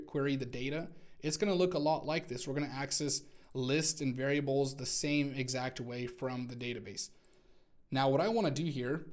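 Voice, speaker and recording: A man teaching a coding lesson in a screencast, talking through each step as he types and correcting himself along the way. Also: medium pitch. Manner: talks through typing step by step, self-correcting. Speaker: programming instructor.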